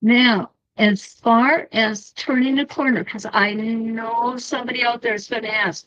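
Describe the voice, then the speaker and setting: A woman's voice: on the high side, measured pace, hardly any pauses, fairly bright tone, muffled recording. A middle-aged woman teaching a quilting demo to online viewers, chatty and talking to them as she works, with a laugh now and then. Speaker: quilting instructor. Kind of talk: live-streamed quilting demo.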